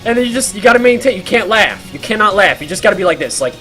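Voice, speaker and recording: A man's voice: high voice, big pitch swings, fast talker, bright, forceful tone, soft background music. A man streaming a game while telling a rambling story, full of fillers and laughs.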